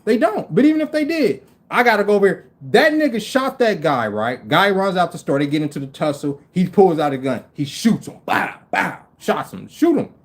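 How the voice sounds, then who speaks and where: A man in his forties hosting a livestream, telling stories in an animated, profane, incredulous way and acting out other people in quick voices. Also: high voice. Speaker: livestream host. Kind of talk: casual storytelling rant.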